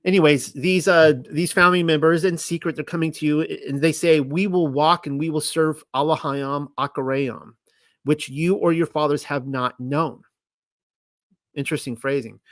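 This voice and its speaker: Excitable man teaching scripture, dry close sound. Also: on the high side, moderate pace, no echo. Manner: excitable, reads scripture aloud then comments. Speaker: Bible teacher.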